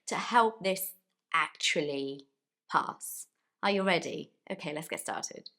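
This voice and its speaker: A woman English teacher, a native Portuguese speaker, giving a friendly, encouraging video lesson and slowly stretching key words for emphasis. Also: medium pitch, fairly bright tone.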